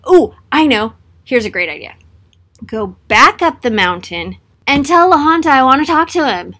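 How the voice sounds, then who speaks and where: A scheming male leader with big ambitions, smooth-talking and flattering, as a woman puts him on. The voice sits a little high and sweet-toned, wheedling its way through every line. It is told in a casual storytelling manner. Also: normal speed, exaggerated voice.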